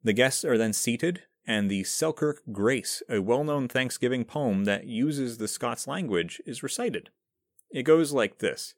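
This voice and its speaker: A man's voice: mid-range voice, expressive, unhurried, no room sound, studio quality. A man hosting a podcast, reading a scripted explainer in a conversational, self-deprecating way. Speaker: podcast host.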